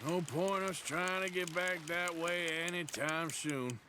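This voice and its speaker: An actor playing a weary outlaw who answers in a dry, sardonic, unhurried way in a game. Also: male voice, high voice. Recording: game audio with loud background noise.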